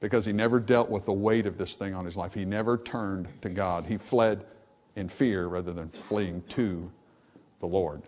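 A man preaching a sermon, animated and acting out the voices in the scripture passage, then dropping to softer, reflective tones. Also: low-pitched, moderate pace. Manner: animated, acts out dialogue from scripture. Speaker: pastor.

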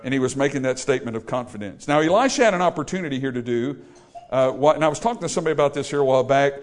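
A man preaching a sermon, storytelling and acting out the people he quotes. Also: on the high side. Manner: animated, acts out quoted voices.

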